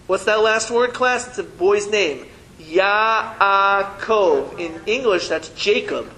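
A man's voice: high-pitched, slow pace, sharp tone, low-quality recording. A man teaching a Hebrew reading lesson to a class, patiently sounding out syllables and teasing his students playfully.

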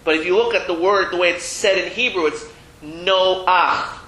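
Bright-voiced man teaching a class. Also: high-pitched, quick pace, echoey room, rough recording. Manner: chatty, self-deprecating, repeats and restarts. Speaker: Hebrew reading teacher. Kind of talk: classroom lesson. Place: classroom with a board.

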